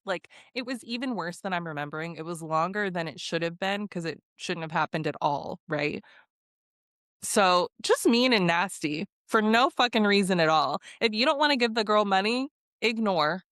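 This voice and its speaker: Woman podcast host, lively storyteller who swears casually, dry close mic. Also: lowish voice, moderate pace, dry recording. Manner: animated storytelling, swearing freely, acts out quotes.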